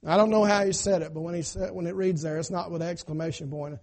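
A male pastor preaching a sermon, retelling scripture in folksy everyday words and swinging from loud to hushed. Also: fairly high pitch, steady tone, quick pace.

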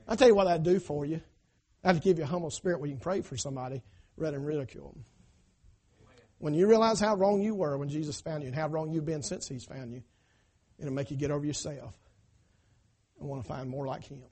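Male pastor, high tenor for a man, emphatic call-and-response preaching. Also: brisk, long pauses, husky. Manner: emphatic, swinging between loud cries and hushed asides, call-and-response. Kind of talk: sermon. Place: church.

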